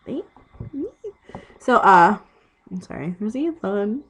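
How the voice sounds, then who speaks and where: A woman's voice: mid-range voice, lively intonation, slow pace, fairly bright tone, slightly rough. A young woman who is sick with a cough, ranting casually and profanely about a friend. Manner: exasperated, profane ranting storytelling. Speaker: vlogger. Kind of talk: casual rant.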